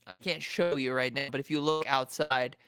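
A man's voice: medium pitch, steady tone, moderate pace, sharp tone. A man in casual chat, laid-back and profane, with lots of fillers. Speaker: friend in conversation.

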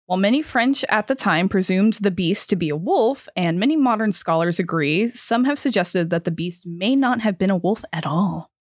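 A woman's voice: mid-range voice, animated, moderate pace, hardly any pauses, no echo, clean studio sound. A young woman co-hosting a podcast, chatting casually, swearing and laughing, and stumbling over words as she reads out a story. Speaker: podcast co-host. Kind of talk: casual chat, reading out a story.

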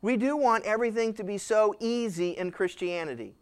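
Male pastor, high and clear, emphatic teaching style. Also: fairly quick. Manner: conversational, emphatic, acts out quoted voices. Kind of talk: expository Bible teaching.

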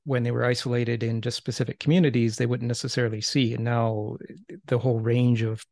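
A man guides a relaxed seminar discussion with a gravelly, fairly flat voice. He speaks thoughtfully and in a measured way, often restarting his sentences. The sound is dry and close. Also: medium pitch, no room sound. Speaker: discussion leader.

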